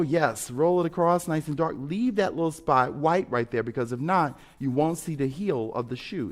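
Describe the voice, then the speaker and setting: A middle-aged man teaching a drawing lesson, upbeat and encouraging, chanting rhythmic sound words as he draws. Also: fairly high pitch. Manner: encouraging, coaxing. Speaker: art teacher.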